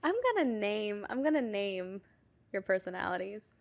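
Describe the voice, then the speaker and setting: A woman's voice: mid-range voice, animated, moderate pace, gravelly. A young woman co-hosting a podcast, chatting casually with dry, teasing banter. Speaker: podcast co-host. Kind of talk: casual chat.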